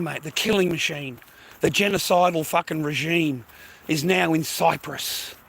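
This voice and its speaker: A man's voice: sits high, vocal fry, fairly bright tone, rough recording. A man delivering an angry, profane ranting monologue, repeating himself and tagging lines with mate and bro. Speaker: vlogger.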